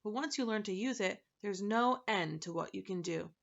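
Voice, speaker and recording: A woman voicing a brisk male magician of numbers who explains things in a matter-of-fact, slightly impatient way. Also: medium pitch, creaky, dull audio, close to an everyday voice. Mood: explaining.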